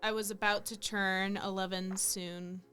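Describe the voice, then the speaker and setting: A 23-year-old woman from California in a casual chat, speaking slowly and drawing out her words with fillers. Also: mid-range voice, flat delivery, pushed and bright, faint music behind. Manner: slow and drawn out, with fillers. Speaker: podcast guest.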